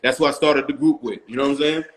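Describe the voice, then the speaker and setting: A middle-aged rapper from Long Island, New York, appears as a guest in a casual interview, telling loose stories and often asking "you know what I'm saying." He talks fast, with a medium-pitched, steady voice.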